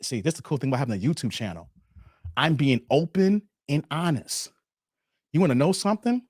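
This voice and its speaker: A man's voice: on the high side, animated, brisk, a little mellow, breathy edge, dry recording, clean studio sound. A man hosting a dating commentary channel, telling a personal story in a frank, confiding way and speaking straight to viewers. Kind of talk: casual monologue storytelling.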